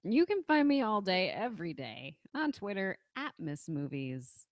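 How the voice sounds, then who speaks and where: A woman's voice: medium pitch, big pitch swings, a little slow, dry recording, studio quality. A woman hosting a movie podcast, chatting casually with easygoing, laughing banter. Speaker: podcast host. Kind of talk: casual chat.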